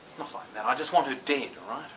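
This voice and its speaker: A man's voice: mid-range voice, fast, a bit bright, a little hiss or hum, close to an everyday voice. A man doing a bossy vain witch queen. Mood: impatient. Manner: bossy, impatient, threatening.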